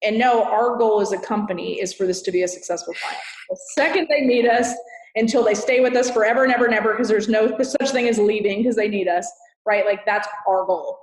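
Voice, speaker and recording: A woman's voice: medium pitch, a little fast. Texan woman, emphatic, roomy sound. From Texas. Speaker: guest, customer success consultant. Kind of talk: podcast interview. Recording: roomy echo.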